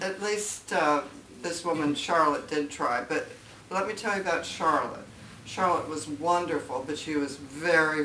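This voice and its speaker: An older woman speaking as guest at a writers' meeting, chatty and animated, acting out quoted voices as she tells stories. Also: sits low. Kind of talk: casual storytelling talk. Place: meeting room. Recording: far-off mic in an echoey room with faint noise.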